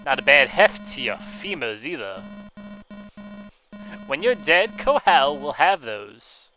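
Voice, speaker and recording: A man's voice: fairly high pitch, sing-song, bright, forceful tone, lo-fi sound, soft background music, full character voice. A man reading game lines in a put-on grandpa voice, playing a creepy old assassin who gloats over his prey. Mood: relishing. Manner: put-on grandpa voice, slow, relishing.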